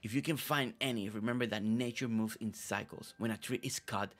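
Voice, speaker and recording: A man voicing a dramatic, secretive male villager in a deep, half-whispered, solemn voice. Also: fairly quick, a bit bright. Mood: brooding. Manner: solemn, cryptic pronouncements. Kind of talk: game dialogue read-along. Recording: faint game music behind.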